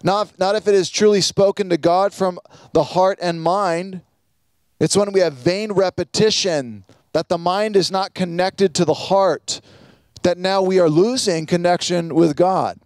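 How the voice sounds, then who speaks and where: A man preaching a sermon as pastor, teaching earnestly with quoted prayers and pauses. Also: high voice, no room sound.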